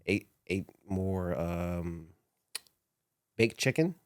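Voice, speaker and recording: A former wrestler looks back on his career in a casual interview, telling stories with emotion and laughing often. His low voice is clean and extremely slow, captured in clean studio sound without echo.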